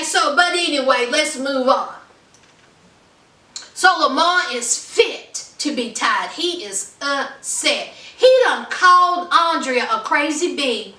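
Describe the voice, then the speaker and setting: A woman's voice: high voice, roomy sound, far from the mic. A woman talking casually and sassily to her viewers as she recaps a reality show episode. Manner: animated, sassy, talks straight to viewers.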